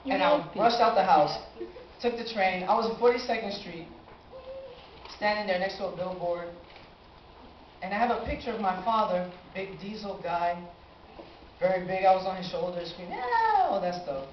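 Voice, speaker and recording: An eighteen-year-old man telling a personal story on stage, animated and acting out his own reactions. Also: sits high, normal speed, a little hiss or hum. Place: live stage in a small cafe venue. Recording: roomy, dull amateur live recording.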